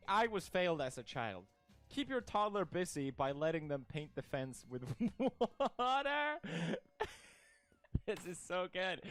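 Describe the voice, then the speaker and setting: A young man with a slightly high voice chats casually as a streamer. He jokes in a mock-outraged tone and laughs often. Faint music plays underneath. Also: a bit bright, smooth. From Sweden. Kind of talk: casual reaction commentary.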